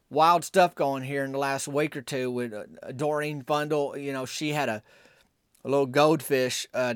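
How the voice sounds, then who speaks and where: A man hosting a podcast. He tells rambling comic stories in a folksy, deadpan, meandering way. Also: mid-range voice, clean tone, no echo, studio quality. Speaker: podcast host.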